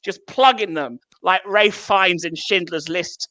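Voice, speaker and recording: A man's voice: high-pitched, a little slow, pushed and bright, no echo. An English man doing stand-up over a video call, swearing freely and laughing at his own jokes. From England. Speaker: stand-up comedian.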